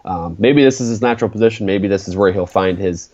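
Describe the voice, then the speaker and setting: A man's voice: fairly low pitch, fast, a little mellow. A young man co-hosting a casual sports podcast, chatty and asking questions, often restarting his sentences. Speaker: podcast co-host. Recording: slightly dull lo-fi sound.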